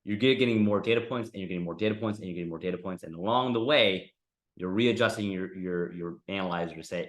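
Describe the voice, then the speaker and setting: A man's voice: low-pitched, brisk, fairly bright tone, reverberant. A man teaching a real estate investing class in a casual, conversational way, often tagging sentences with "right?". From United States.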